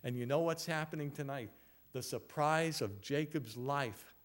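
A man's voice: medium pitch, measured pace. A man preaching an expository sermon as pastor, earnest, asking rhetorical questions and repeating phrases for emphasis.

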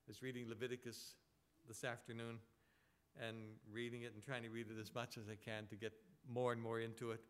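A male pastor preaching a sermon, emphatic, repeating words and dropping from loud points to quiet asides. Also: medium pitch, level tone, a little fast, clean tone.

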